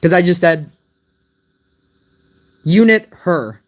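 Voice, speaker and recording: A mobile game streamer chatting live with viewers, rambling and puzzled, with many restarts and gentle teasing of the chat. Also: mid-range voice, expressive, slow pace.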